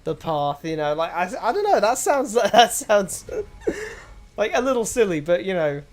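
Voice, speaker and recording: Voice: medium pitch, big pitch swings, normal speed. A host of a casual gaming stream who rambles, analyses the story and hums tunes.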